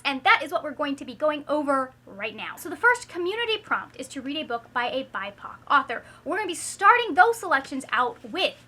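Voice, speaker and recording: High, bright chatty woman. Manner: chatty and upbeat, with frequent "like" fillers. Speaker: book channel host. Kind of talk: casual book-list chat.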